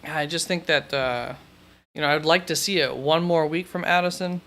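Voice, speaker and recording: A man's voice: a little high, normal speed, a bit bright. A man hosting a live stream, chatting casually and thinking aloud as he answers questions, often correcting himself mid-thought. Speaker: fantasy football host.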